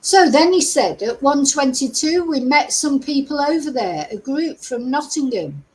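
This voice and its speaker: A woman's voice: sits high, expressive, normal speed, poor audio. An older woman hosting a true crime live stream, talking in a chatty, exasperated and rambling way with frequent asides. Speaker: true crime channel host. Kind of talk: casual live-stream commentary.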